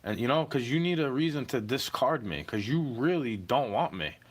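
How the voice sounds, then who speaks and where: A man's voice: medium pitch, expressive, moderate pace, breathy edge. A young man in an aggrieved, profane rant to camera, talking straight at someone who wronged him. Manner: aggrieved, profane, repeatedly says "bro". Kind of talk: ranting monologue to camera.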